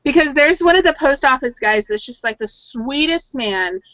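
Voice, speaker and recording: Chatty bright-voiced woman storyteller. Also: high-pitched, expressive, moderate pace, no room sound. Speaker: podcast co-host. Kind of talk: casual chat. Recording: dull lo-fi audio.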